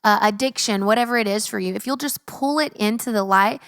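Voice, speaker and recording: A woman's voice: medium pitch, fairly quick, smooth, no echo, clean studio sound. A young woman hosting a faith-based podcast, talking earnestly and casually with lots of fillers and acted-out inner thoughts. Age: young adult. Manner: earnest, animated, filler-heavy, acts out her own thoughts in quotes. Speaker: podcast host.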